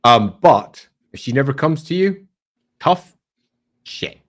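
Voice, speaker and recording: A man co-hosting a podcast, retelling lore in a casual, animated way with playful asides. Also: medium pitch, moderate pace. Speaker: podcast co-host.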